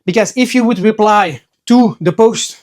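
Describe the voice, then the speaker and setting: Speaking at normal speed in a high-pitched voice, a man who sells trading cards talks casually to his viewers on camera. He is a chatty storyteller who voices the people he quotes and keeps restarting his sentences.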